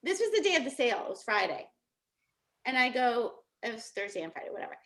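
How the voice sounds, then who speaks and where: With a fairly high, fairly bright voice, big pitch swings and a fast pace, a middle-aged woman gives a casual motivational talk as a coach. She tells stories in a chatty way, laughing often.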